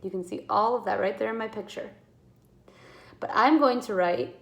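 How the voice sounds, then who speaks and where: A woman teaching a kindergarten writing lesson, sounding out letters slowly and encouraging young children. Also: medium pitch, fairly even intonation, creaky, roomy sound.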